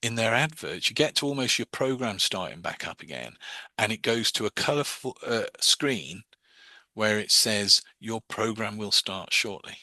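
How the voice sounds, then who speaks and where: A man teaching hypnosis in a casual online class, talking conversationally with quick asides over a video call. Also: fairly low pitch, animated, sharp tone, no room sound.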